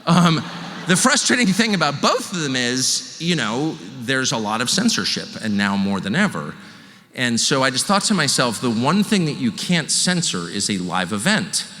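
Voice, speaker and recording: Animated man onstage in a big hall. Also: mid-range voice, normal speed. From California. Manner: animated, joking, self-deprecating. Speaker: live show host. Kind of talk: stand-up style monologue to a live audience. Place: large venue with live audience. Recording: hall reverb, faint room noise.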